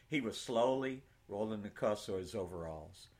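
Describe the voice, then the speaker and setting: Husky low-ish guy reading a story slowly, voice rises and falls a lot. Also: lively intonation, a little mellow. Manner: slow, measured storytelling. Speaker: audiobook narrator. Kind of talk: scripted narration.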